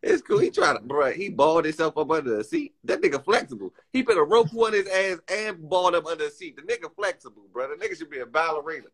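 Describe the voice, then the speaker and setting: A young man streaming casual chat, excitable and teasing, laughing often and using crude slang. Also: on the high side, quick pace, few pauses, slightly rough.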